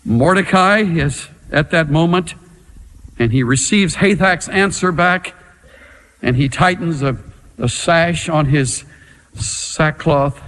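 A man preaching a sermon in a dramatic, emphatic way, with long pauses. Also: on the high side, a bit bright, long reverb tail.

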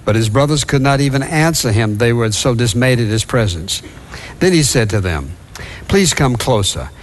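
A man's voice: mid-range voice, animated, moderate pace, a little hiss or hum. Man preaching a conversational sermon. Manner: conversational, retells scripture with asides and fillers. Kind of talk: sermon with scripture reading.

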